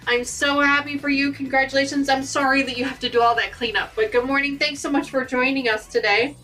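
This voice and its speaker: A chatty, upbeat woman hosts a live craft stream and greets her viewers one by one. Her voice sits high and bright, a little distant from the microphone, with faint music behind her. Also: steady tone, a little fast. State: has the hiccups. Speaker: quilting channel host.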